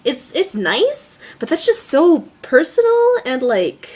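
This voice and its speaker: A woman's voice: high voice, wildly swooping pitch, slow, darkish tone, a little hiss or hum. Gushing, chatty young woman. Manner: gushing and chatty, acts out movie lines in little voices; many fillers like "like" and "um". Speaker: vlogger. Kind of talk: casual chat to camera.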